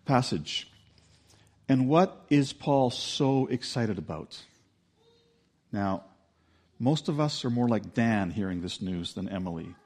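A man preaching a sermon in a relaxed, conversational way, telling a story and acting out the quotes with energy. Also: medium pitch. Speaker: pastor.

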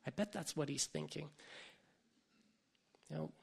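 Male pastor, chatty sermon style, raspy voice with gravel, pitch a touch high. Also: unhurried. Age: adult parent. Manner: conversational, thinking aloud with frequent "like" and "right?".

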